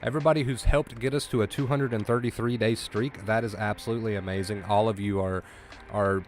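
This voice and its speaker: Male streamer, lower register, casual and emotional, voice cracking with gratitude. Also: steady tone, brisk, soft background music. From US East Coast. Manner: emotional, effusive thanks to viewers. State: voice breaking with emotion. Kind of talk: casual live-stream chat.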